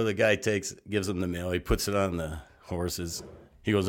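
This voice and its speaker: An older man telling long, rambling stories as an interview guest, animated and salty, with frequent asides. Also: deep voice, moderate pace. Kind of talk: casual storytelling.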